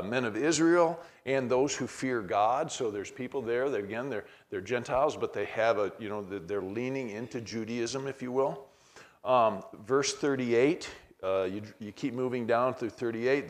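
Man, middle-aged, bible class teacher, conversational, reads verses, restarts often. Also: mid-range voice. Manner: conversational, many restarts, walks through verses aloud.

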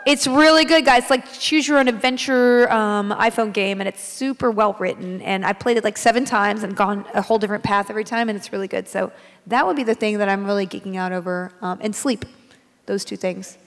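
A woman's voice: medium pitch, fairly even intonation, a little fast. A woman from Texas, a guest at a convention panel, chatting casually in a bubbly, self-mocking, jokey way. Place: large convention theater. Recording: echoey hall.

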